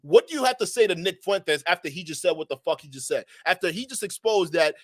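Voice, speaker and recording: A man's voice: high voice, animated, fast, fairly bright tone, no echo, clean studio sound. A man giving casual reaction commentary, heated and profane, repeating "bro" often.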